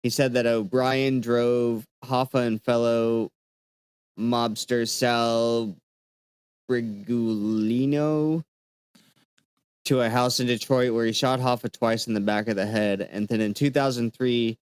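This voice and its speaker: Laid-back man with a smooth voice. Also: medium pitch, steady tone, slow pace, a little mellow, no room sound. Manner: laid-back, stumbles over names. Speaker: podcast co-host. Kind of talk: casual podcast, reading out research.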